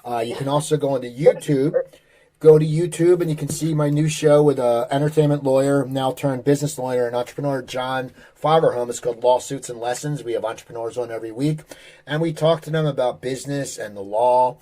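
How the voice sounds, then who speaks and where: A male podcast host with a warm, mellow voice closes out the show. He rattles off where to find his guest and his own channels in an upbeat way, ending with a familiar catchphrase. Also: medium pitch, fairly even intonation, a little fast. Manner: upbeat, plugging links with a catchphrase sign-off. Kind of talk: podcast sign-off and promotion.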